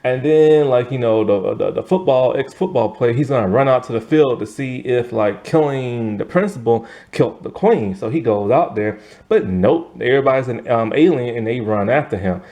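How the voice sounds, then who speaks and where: A man's voice: medium pitch, expressive, normal speed, warm tone, muffled recording. A man casually recapping a movie plot, laughing as he acts out the characters' lines. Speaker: movie reviewer.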